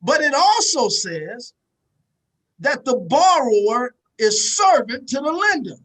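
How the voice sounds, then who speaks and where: A man's voice: very high-pitched, sing-song, slow pace, fairly bright tone, poor audio. A man giving a preachy motivational talk, emphatic and repetitive, speaking straight to his audience.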